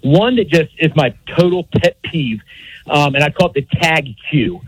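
A man's voice: on the high side, moderate pace, husky, no room sound, poor audio. A man calling into a radio show, chatty and full of hesitations. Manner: chatty, filler-heavy, hesitant. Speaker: caller. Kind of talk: call-in radio comment. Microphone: phone call.

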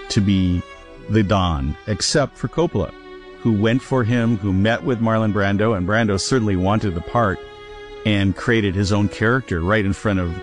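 A male author as interview guest, explaining film history in a measured, explanatory way. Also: on the low side. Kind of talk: interview storytelling.

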